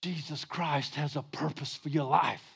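A male pastor preaching a sermon in a folksy, joking way, rising to shouts for emphasis. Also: fairly high pitch, fairly even intonation, moderate pace, vocal fry, breathy edge.

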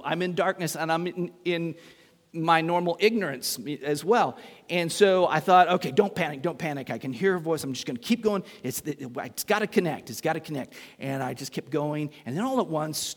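A middle-aged man preaching a sermon as pastor, telling a story with humor and acting out voices. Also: a little high. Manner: animated, acts out voices in his story, self-mocking humor. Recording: long hall reverb.

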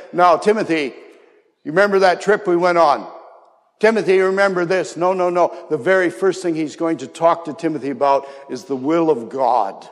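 A man preaching a sermon with earnestness, sometimes dropping soft and low and sometimes bursting into a shout. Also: long reverb tail. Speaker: pastor.

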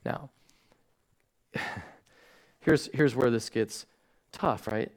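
A man, a pastor preaching a sermon to a congregation, acting out family stories with lively swings and falling soft and hushed when he turns reflective. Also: mid-range voice, slow pace. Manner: animated storytelling, acting out his own shouting at bedtime. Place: church stage before a congregation.

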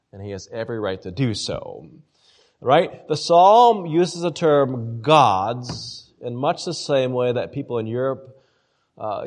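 A man teaches a Bible study in a casual, conversational lecture. His pitch swings widely and expressively as he makes each point. He keeps turning to his listeners with "right?" and repeats points to drive them home.

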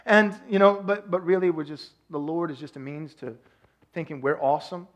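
A man from Texas with a Texan accent, preaching a sermon as pastor, swinging between loud emphasis and soft hushed asides. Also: fairly high pitch, steady tone, normal speed.

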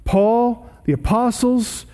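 A man preaching an expository sermon as pastor, emphatic and slowing down to stress scripture quotations. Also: very high voice, warm tone.

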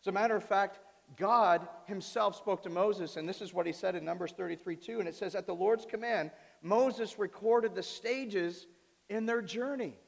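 A man preaching a sermon as pastor, animated, often turning to his congregation with questions. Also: sits high, normal speed, creaky. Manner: animated, asks the audience questions. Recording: reverberant hall.

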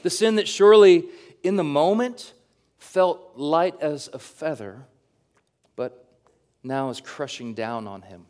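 A pastor, a man, reading scripture slowly and then preaching with rising emphasis, speaking straight to his congregation. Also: a little high, a little mellow. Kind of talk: sermon.

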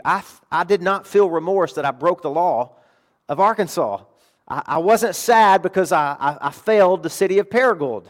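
Earnest preacher, soft to emphatic. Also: male voice, sits high. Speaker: pastor. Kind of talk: sermon.

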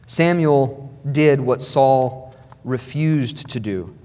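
A man's voice: mid-range voice, extremely slow, mellow. A man preaching a sermon as pastor, emphatic and repeating phrases for stress. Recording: long hall reverb.

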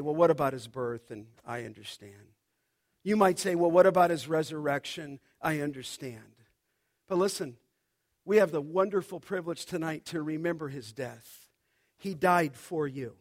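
A man preaching a sermon to his congregation in an impassioned way, repeating phrases and prompting the crowd to answer. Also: high-pitched. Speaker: pastor. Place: church service.

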